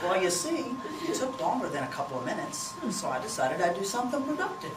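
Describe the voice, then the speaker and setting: A woman's voice: on the low side, big pitch swings, quick pace, pitched below the performer's own voice. A woman voicing a clueless husband who earnestly rambles through his excuses. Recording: roomy, distant, noisy.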